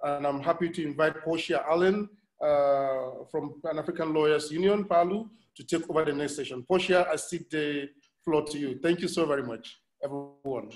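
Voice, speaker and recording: Man moderating a call, slightly high voice. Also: normal speed. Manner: warm thanks, hesitant with many fillers. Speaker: session moderator. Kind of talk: moderating an online conference panel.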